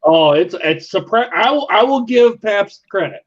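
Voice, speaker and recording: A man's voice: high voice, lively intonation, moderate pace, lo-fi sound. A man guesting on a beer live stream, joking and teasing the others. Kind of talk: casual chat.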